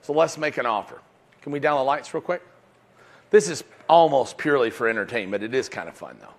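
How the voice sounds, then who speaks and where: A man giving a seminar lecture as a sales trainer, energetic and punchy, often tagging his lines with "right?". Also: mid-range voice, brisk, vocal fry, slight background noise.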